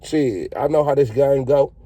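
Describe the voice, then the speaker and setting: A man doing a loud, suspicious street dealer. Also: mid-range voice, measured pace, no echo, voice pushed up, natural voice. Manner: loud, profane, argumentative. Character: brash suspicious young male street dealer.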